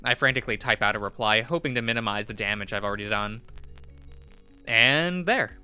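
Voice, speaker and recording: A man's voice: on the low side, brisk, bright, forceful tone, smooth, faint music behind. A man streaming a visual novel, reading it aloud with chuckling asides.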